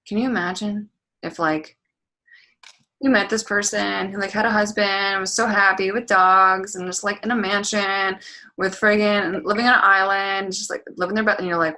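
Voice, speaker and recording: A woman's voice: mid-range voice, steady tone, fairly quick, bright, forceful tone. A woman coaching a group over a video call, talking candidly and bluntly, with plenty of "like" and some swearing. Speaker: fitness and business coach hosting a group call. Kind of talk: casual motivational talk.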